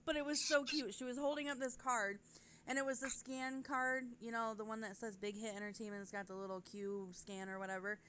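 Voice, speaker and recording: A woman hosting a chatty podcast, her voice slightly high. She rambles, giggles, and keeps interrupting herself to get back on track. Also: steady tone, brisk, a bit bright, slight background noise. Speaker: podcast host. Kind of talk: casual chat.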